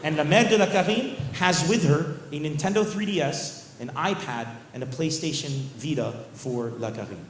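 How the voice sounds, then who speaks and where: A male stand-up comedian telling a story on stage, animated and acting out characters. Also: fairly high pitch, moderate pace, few pauses, slight background noise. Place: comedy show venue. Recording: echoey venue with faint ambience.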